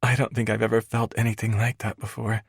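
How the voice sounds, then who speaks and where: Guy voicing a teasing young woman, pitched up a bit, husky and dry. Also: little pitch movement, fairly quick, dry recording. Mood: playful.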